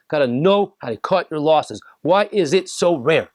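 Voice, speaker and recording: A man's voice: fairly high pitch, expressive, normal speed, hardly any pauses, darkish tone, no room sound. A man, a rabbi, giving a humorous lecture to a live audience, joking and acting out little dialogues.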